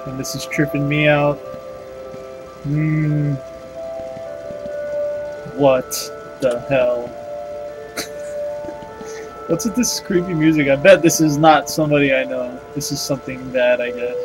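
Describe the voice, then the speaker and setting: A man recording let's play commentary, jumpy and swearing as he reacts aloud to what happens on screen. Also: medium pitch. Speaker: gamer playing a horror-tinged action game. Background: game music.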